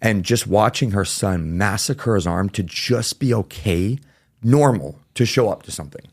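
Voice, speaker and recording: A man's voice: fairly low pitch, moderate pace, slightly rough. A man as a podcast guest, telling his story candidly and casually, with plenty of fillers and the odd swear word.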